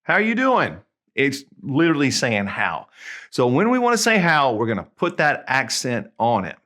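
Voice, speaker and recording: A man with a Southern US accent, teaching in a casual video lesson, chatty and friendly, spelling out examples slowly. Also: medium pitch, wildly swooping pitch, a bit bright. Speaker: Spanish tutor.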